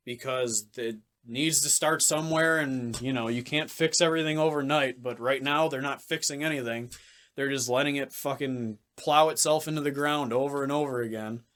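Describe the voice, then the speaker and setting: A man talking on a casual sports podcast. His voice sits at an average pitch. He is blunt and ranting and swears freely. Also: normal speed, fairly bright tone. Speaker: podcast co-host.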